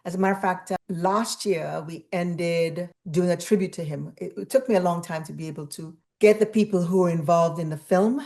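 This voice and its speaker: Lower-voiced woman guest telling animated stories. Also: a little fast, hardly any pauses. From Trinidad. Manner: animated storyteller, acting out quoted dialogue. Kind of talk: casual interview chat.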